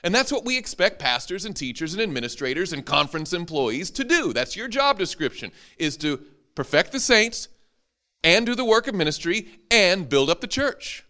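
A man's voice: high-pitched, very animated, normal speed, pushed and bright. A man, a preacher, teaching an interactive Bible class to a live audience, joking and quizzing them as he goes.

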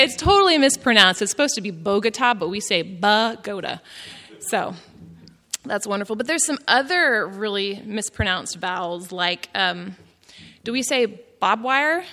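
A woman's voice: medium pitch, sharp tone. A woman from Texas with a Texan accent, giving a folksy, chatty gardening class presentation with plenty of giggles and self-deprecating humor. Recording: reverberant hall.

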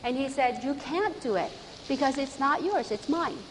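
High-voiced woman telling church stories. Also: moderate pace, big-room sound, a little hiss or hum, poor audio. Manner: lively, earnest storytelling. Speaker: church evangelism trainer. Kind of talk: storytelling talk to an audience.

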